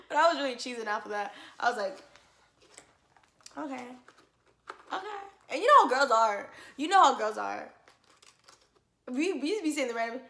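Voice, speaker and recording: A young woman vlogger telling a story in casual chat, animated and dramatic, laughing often. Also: high voice, normal speed, creaky, pauses often, roomy sound.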